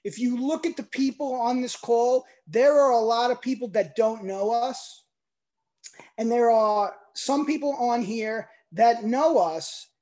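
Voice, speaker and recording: A man in his forties giving an emotional, emphatic testimonial pitch on a video call. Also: warm tone. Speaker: product promoter on a video call.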